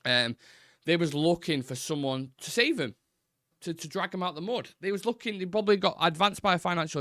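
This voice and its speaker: A man's voice: fairly high pitch, brisk, bright, forceful tone, no echo. Blunt, dry-sounding male football streamer. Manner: blunt, swears freely, rambling restarts. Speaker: football fan channel host. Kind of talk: casual live-stream chat.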